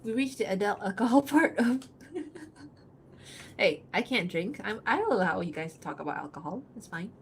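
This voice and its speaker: A woman talking casually to her stream chat as she draws, answering viewers' messages aloud. She rambles, thinks out loud and laughs often, in an ordinary mid-range voice. There is a faint noise underneath. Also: medium pitch, animated, normal speed, vocal fry. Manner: chatty, giggles often, thinks aloud with fillers. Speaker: livestreaming artist.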